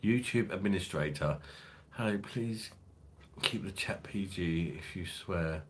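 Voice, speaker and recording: A man's voice: low voice, a little slow, a little hiss or hum. A man hosting a casual beer livestream, rambling, swearing freely and laughing as he reads chat. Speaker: beer review channel host. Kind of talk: casual livestream chat reading viewer comments.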